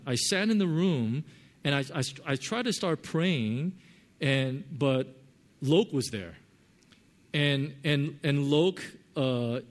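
Preaching a sermon, a male pastor with a fairly high voice tells a personal story, swinging lively between loud and soft, earnest tones.

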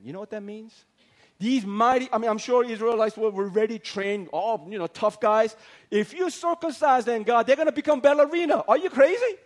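Animated high-pitched male preacher. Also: fairly quick. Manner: animated, acts out voices of biblical figures. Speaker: pastor. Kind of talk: lively comic sermon.

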